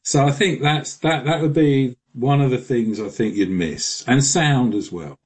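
A man's voice: mid-range voice, a little slow, breathy edge. Chatty man with frequent restarts. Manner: chatty, full of restarts, laughs often. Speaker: guest. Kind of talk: radio interview.

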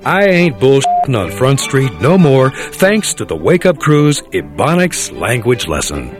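An uptight, overly polite young man, played by a man carefully repeats phrases in a comedy sketch. His pitch swings widely. Faint music plays underneath. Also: very animated, a little slow. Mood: stiff. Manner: stiff, overly formal repetition. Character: stiff, polite young man learning slang.

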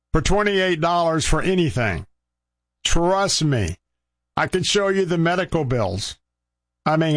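An older man hosting a radio show, earnestly pleading with listeners for donations and slowly repeating the number to call. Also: on the high side, a bit bright, dry recording, clean studio sound. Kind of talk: radio fundraising appeal.

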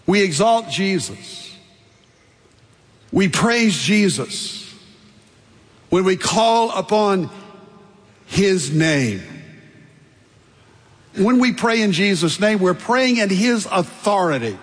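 A man's voice: high voice, lively intonation, slow, long pauses, big-room sound. An older man preaching a sermon as pastor, emphatic, building through repeated lists and stressed phrases.

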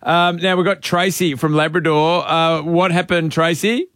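A man's voice: on the high side, steady tone, normal speed, a bit bright, no room sound, clean studio sound. Upbeat male radio host. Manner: upbeat, laughing along. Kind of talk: breakfast radio banter. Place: radio studio.

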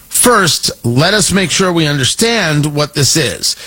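A man's voice: fairly high pitch, very animated, slow, hardly any pauses, sharp tone, breathy edge, rough recording. A man delivering an opinionated political monologue, sarcastic and emphatic, repeating points for effect. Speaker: political commentator.

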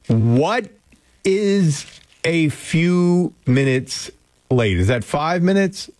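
A man's voice: medium pitch, no room sound. A man from Canada hosting a casual radio show from a studio, talking in a rambling, jokey way. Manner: chatty, rambling, jokey asides. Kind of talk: casual morning radio chat. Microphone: close studio mic.

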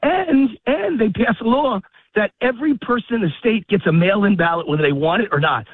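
A high-voiced man calls into a political talk radio interview as a guest commentator while walking his dog in a park, out of breath and heated. His husky, animated voice comes over a tinny, dry phone line as he rants fast with rising emphasis.

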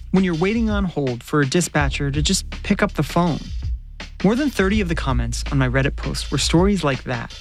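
A woman reporter narrating a radio news story in a measured, clear storytelling voice. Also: low-pitched.

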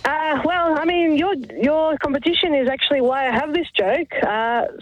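A woman's voice: high-pitched, moderate pace, highs cut off, faint music behind. A woman caller telling a short joke on air, cheerful.

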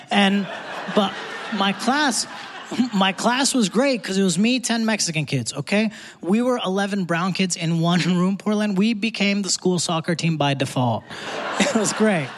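A young man performing a live stand-up comedy set on a theater stage, with punchy conversational delivery. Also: high-pitched. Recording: live theater crowd and hall noise.

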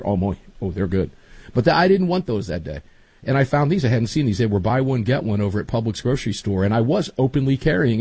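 A man's voice: medium pitch, mellow, husky, no echo. A man hosting a talk show in casual chat, folksy, rambling and enthusiastic.

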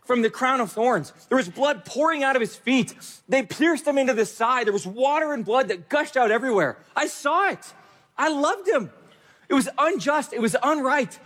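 A man's voice: extremely high pitch, a bit bright, long reverb tail, pitched above the performer's own voice, full character voice. A man voicing a grieving woman at a tomb. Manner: anguished, pleading.

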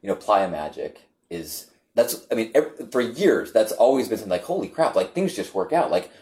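Halting, animated man telling a story. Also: lowish voice. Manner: animated, halting with many restarts and fillers. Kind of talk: casual storytelling chat.

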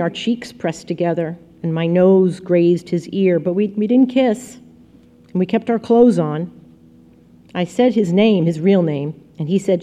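A woman narrating a first-person story in a soft, intimate storytelling manner. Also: fairly low pitch, highs cut off. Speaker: audiobook narrator.

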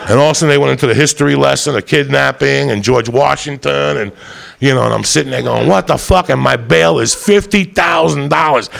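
A man's voice: medium pitch, brisk, a bit bright. A man telling a rambling, profane comic story, often laughing as he goes. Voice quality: gravelly.

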